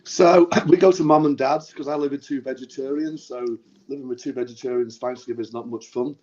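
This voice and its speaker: A man in a casual chat, telling an animated anecdote and laughing easily. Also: mid-range voice, a little fast, muffled recording. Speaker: music writer and show regular.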